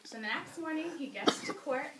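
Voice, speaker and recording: A woman telling a comic story live with an animated, playful delivery. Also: sits high, moderate pace, heavy background noise. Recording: roomy, distant live-stage mic.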